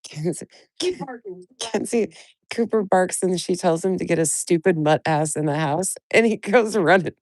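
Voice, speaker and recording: A woman's voice: fairly low pitch, normal speed, a little mellow, dry recording, studio quality. A woman with a stuffy nose from a cold, hosting a casual live stream, greeting chatters by name and venting bluntly with plenty of swearing. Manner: greets chat viewers by name. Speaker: livestream host.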